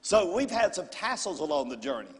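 A man preaches from a church stage. His voice sits high for a man, and he tells folksy, animated stories. A long hall reverb rings behind him. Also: fairly quick. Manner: folksy, animated storyteller with y'all. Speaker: pastor. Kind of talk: church sermon storytelling. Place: large church sanctuary.

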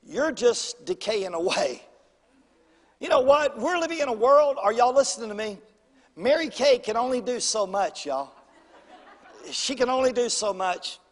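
An older pastor preaches with a high, bright voice. He calls out to the congregation for amens and swings between booming lines and hushed ones. The sermon rings with the long reverb of a church sanctuary. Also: measured pace. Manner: preacherly call-and-response, animated swings in pitch and volume.

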